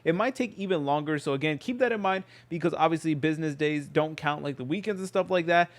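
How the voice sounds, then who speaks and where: A man hosting a how-to tutorial, explaining steps in a quick casual voice-over full of fillers. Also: a little high. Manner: rapid, filler-heavy explaining. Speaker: tutorial host.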